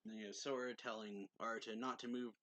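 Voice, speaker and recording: A man's voice: fairly low pitch, steady tone, quick pace, bright, forceful tone, no room sound, rough recording. A man casually recapping a manga chapter as reviewer, rambling with many fillers. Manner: rambling, filler-heavy retelling.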